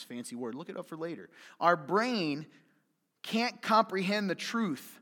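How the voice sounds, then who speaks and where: A man preaching a sermon with a somewhat high voice, full of feeling. He drops to soft near-whispers, then swells into loud, urgent appeals. His voice carries through a hall with a long echo. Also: expressive, moderate pace. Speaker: pastor. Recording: reverberant hall.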